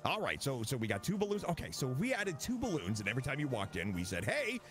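A man role-playing a fast-food worker, eager and stammering. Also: mid-range voice, very animated, faint music behind. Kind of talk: playful role-play.

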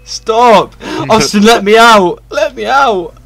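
A young man giving casual, excitable co-op gameplay commentary, laughing and yelling at his teammate. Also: sits high, slow, vocal fry, crowd noise. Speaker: gaming channel host.

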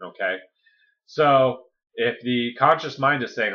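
Male coach, mid-pitched, chatty motivational delivery, keeps checking in with listeners, dull lo-fi recording. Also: unhurried. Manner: conversational, often checks in with "okay?" and "right?". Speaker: weight-loss coach. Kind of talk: casual motivational talk.

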